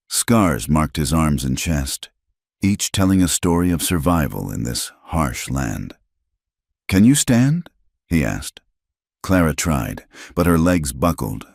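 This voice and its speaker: A man reading a frontier story as scripted narration in a slow, measured way. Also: rumbling low, vocal fry, a little mellow, dry recording, clean studio sound.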